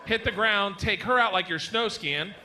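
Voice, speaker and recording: A male comedian doing a stand-up set on a club stage. He talks loud and animated and laughs through his own lines. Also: high voice, normal speed, noisy background.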